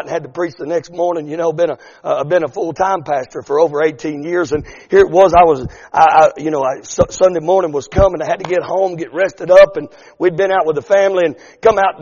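A middle-aged pastor preaches to his congregation in a high, ringing voice. His lines swell into shouts and stretch out slowly at the peaks. The sanctuary adds a long reverb tail to every word. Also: breathy edge, muffled recording. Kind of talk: sermon. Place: church sanctuary.

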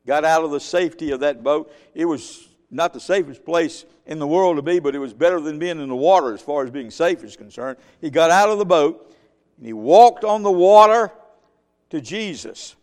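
A man preaching a sermon with emphatic delivery, rising loud and dropping soft. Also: a little high, normal speed. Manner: emphatic, swinging between loud and quiet. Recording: long hall reverb.

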